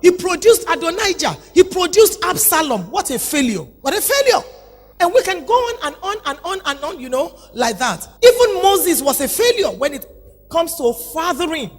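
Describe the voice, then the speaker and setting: A woman in her fifties with a Nigerian accent, preaching a sermon with emphatic rhetorical questions that rise to shouts. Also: extremely high pitch, very animated, normal speed. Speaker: pastor. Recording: long hall reverb with faint music.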